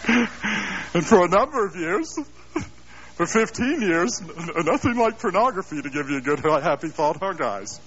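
A middle-aged man preaching a sermon, telling stories with self-deprecating humor and an animated delivery. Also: high-pitched, measured pace. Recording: dull lo-fi live sermon tape.

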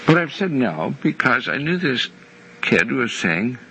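An older man teaching a Bible class in a measured way, repeating key phrases for emphasis. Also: medium pitch, sing-song, pushed and bright. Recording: muffled lo-fi recording with faint hiss.

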